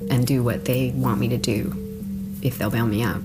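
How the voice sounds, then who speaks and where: An extremely low-pitched woman's voice, fairly even and at normal speed, is heard over loud background music. Being interviewed, she recounts her story conversationally, leaning on "like" fillers and slipping in quiet asides.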